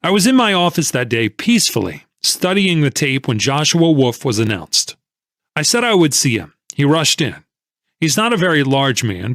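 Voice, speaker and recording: A man's voice: mid-range voice, a bit bright, no echo, clean studio sound. A man narrating an audiobook in the first person, telling the story expressively.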